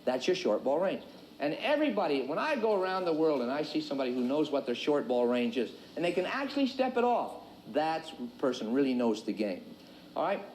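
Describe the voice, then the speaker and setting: A man coaching tennis in a folksy, joking, energetic way. His voice sits high and swings widely in pitch. It is recorded in a roomy, echoey space. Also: fairly quick, slight background noise. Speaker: tennis instructor. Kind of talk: instructional video lesson.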